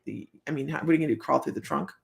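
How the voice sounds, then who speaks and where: A woman's voice: very deep voice, very fast, gravelly. A woman hosting a casual live stream as a psychic reader, telling rambling stories and laughing often. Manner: rambling, chatty, laughs often, many fillers. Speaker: psychic reader and show host.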